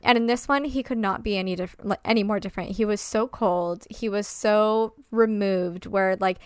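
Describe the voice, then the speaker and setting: A woman's voice: medium pitch, moderate pace, clear, resonant tone, no room sound, clean studio sound. A woman co-hosting a casual film review chat, exasperated, swearing a lot and filling her talk with "like". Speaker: podcast co-host.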